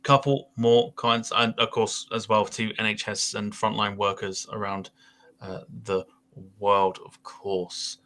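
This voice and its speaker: A man's voice: fairly low pitch, level tone, unhurried, fairly bright tone. A man hosting a casual podcast chat, rambling a little with fillers as he goes. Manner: rambling, with frequent fillers and laughs. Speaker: podcast host.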